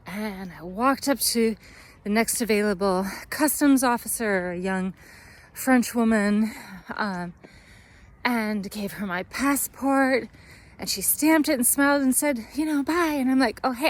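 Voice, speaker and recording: A woman from the United States telling a travel story to camera in a chatty way, laughing often and full of fillers. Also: a little high. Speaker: vlogger.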